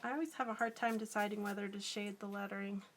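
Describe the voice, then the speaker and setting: A woman's voice: mid-range voice, steady tone, quick pace, slight background noise. A middle-aged woman artist chatting casually on a live stream, giggling often and answering viewer comments as she draws. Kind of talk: casual live-stream chat while drawing.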